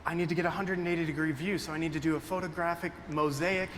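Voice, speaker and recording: Man, stage talk, earnest and emotional, bright tone, stage mic. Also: fairly high pitch, fairly even intonation, fast, slight background noise. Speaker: photographer giving a talk. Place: stage before a cheering audience.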